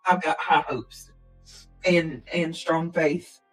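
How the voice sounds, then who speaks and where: A deep-voiced woman hosts a casual livestream, speaking slowly and steadily to her viewers with earnest, prayerful feeling. Throat-clearing and coughs interrupt her often, and the poor audio has faint music behind it.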